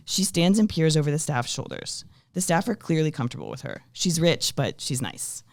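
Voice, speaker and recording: A man reading stage directions aloud at a comedy table read, in a deadpan manner that often cracks into laughter. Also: a little high, normal speed, few pauses, no room sound. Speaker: script reader.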